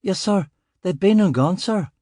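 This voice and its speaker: A man's voice: high voice, lively intonation, a little slow, dark tone, no room sound, pitched above the performer's own voice. A man voicing a young, nervous male detective constable who is anxious, apologetic and close to tears. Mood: flustered.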